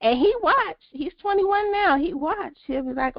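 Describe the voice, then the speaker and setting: A woman's voice: extremely high pitch, animated, measured pace, creaky, no echo. A woman hosting a podcast, chatting casually and affirming her guest emphatically. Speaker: podcast host. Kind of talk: casual interview chat. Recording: dull lo-fi podcast audio.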